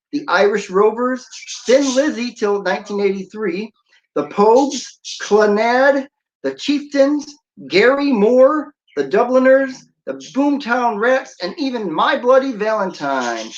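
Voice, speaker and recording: A man chatting as a DJ on a livestream, playful and full of corny jokes. His voice comes through slightly dull, lo-fi audio from a home stream. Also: high voice. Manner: jokey, playful, breaks into sung snippets and laughs. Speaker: radio DJ and livestream host. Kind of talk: casual livestream chat.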